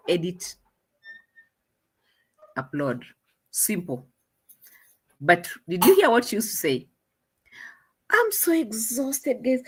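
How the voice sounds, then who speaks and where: A woman's voice: on the low side, a bit bright. A young Kenyan woman with a Kenyan accent, chatting in a casual commentary vlog in a mocking tone, laughing often. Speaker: vlogger.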